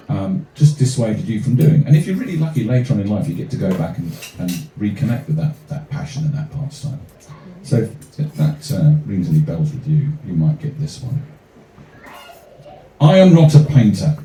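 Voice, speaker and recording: A man reads his comic rhyming poetry to a small cafe crowd, moving from verse to dry, deadpan asides. His voice is dark and mellow but swings lively in pitch. The recording sounds roomy and distant, picked up from well back across the venue. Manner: wry, deadpan asides between rhyming poems. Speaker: performance poet. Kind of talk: live comic poetry reading.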